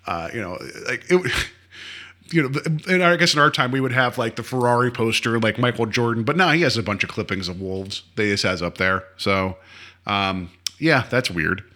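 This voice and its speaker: A man co-hosts a casual podcast, retelling an episode with animated, mocking asides. His voice is bright and forceful, and he slips into goofy impressions of the characters. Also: medium pitch, normal speed. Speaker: podcast co-host. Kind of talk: casual chat recapping an episode.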